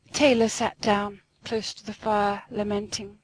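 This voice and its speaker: A woman narrating a classic storybook aloud in an expressive, sing-song way. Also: medium pitch, a little slow, low-quality recording.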